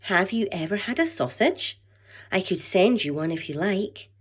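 A woman reading aloud as an excited, cheeky six-year-old boy who writes letters to a dinosaur. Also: mid-range voice, normal speed, breathy edge. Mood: eager. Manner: bright and eager, reading a child's letter aloud.

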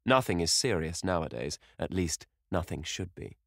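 A man voicing a vain, bored young gentleman who speaks in a languid, petulant way, lifting his voice above his own low register. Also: expressive, normal speed, vocal fry, no room sound, clean studio sound, heavily acted.

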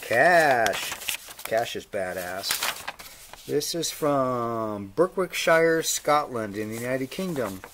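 A man's voice: medium pitch, lively intonation, slow pace, fairly bright tone, a little hiss or hum. Laid-back man reading viewer mail. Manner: laid-back, dry humor; plays along with joke letters. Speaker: motorcycle channel host.

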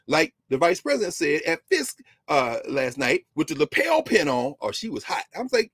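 A man's voice: fairly high pitch, wildly swooping pitch, normal speed, creaky, a bit bright, breathy edge, no room sound. A man giving a history lecture on a talk show, telling the story with emphasis and dropping into casual asides.

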